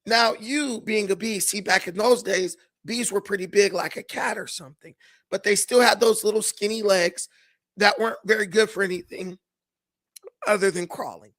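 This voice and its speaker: A man hosting a talk show, telling a fable in a casual, animated, slangy way. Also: high voice, moderate pace. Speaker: host.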